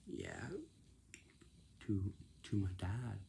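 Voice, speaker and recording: A young man giving casual advice, talking in halting phrases that he often restarts and sometimes drops to a whisper. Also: fairly low pitch, creaky, warm tone, a little hiss or hum.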